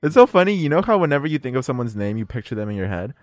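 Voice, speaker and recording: A young man co-hosting a podcast, chatting casually with friends in an animated, playful way and swearing freely. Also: medium pitch, very fast, no room sound. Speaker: podcast co-host. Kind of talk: casual chat among friends.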